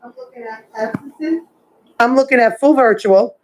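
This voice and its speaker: A woman's voice: on the high side, normal speed, low-quality recording. Pressing, questioning woman at a meeting. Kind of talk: meeting discussion.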